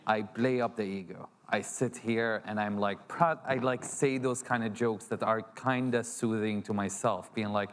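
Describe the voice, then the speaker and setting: A man's voice: lowish voice, steady tone, normal speed, hardly any pauses. A man from Syria speaking on a convention panel, candid and joking at his own expense. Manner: joking, self-deprecating, candid. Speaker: panelist, author. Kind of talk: panel discussion. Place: convention hall.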